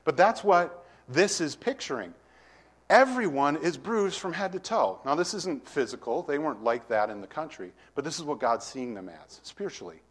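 A middle-aged man preaching a sermon, reading scripture and explaining it with lively shifts between loud and soft delivery. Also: on the high side, moderate pace, husky. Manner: expressive teaching, swings from loud to soft, acts out voices. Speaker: pastor.

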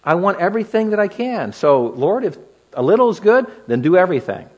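A man's voice: high voice, very animated, brisk, pitched above the performer's own voice. A man putting on a vehement, impulsive disciple. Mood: eager. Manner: vehement, protesting. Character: impulsive, emphatic adult male disciple.

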